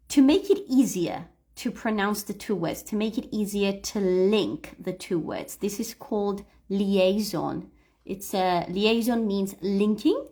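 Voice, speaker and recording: This livestream read-aloud lesson features a woman with a medium-pitched, a little mellow voice teaching English pronunciation. She explains patiently and models words so learners can repeat them.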